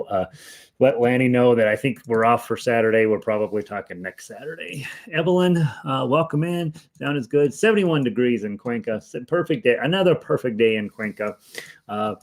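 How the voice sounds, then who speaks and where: A man with a nasal, frog-like voice, chatting casually as he opens an online harmonica class and greets viewers by name. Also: lowish voice. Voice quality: nasal, self-described as frog-like. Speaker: online music teacher. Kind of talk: casual livestream class chat. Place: home, in Denver.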